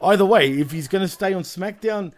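A man's voice: sits high, a little fast, slight background noise. A man on a podcast panel speaking in an easygoing, loose way in casual chat.

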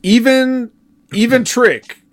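A man's voice: very high voice, slow pace. A man co-hosting a wrestling review podcast, recapping events in a laid-back way with fillers. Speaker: podcast co-host.

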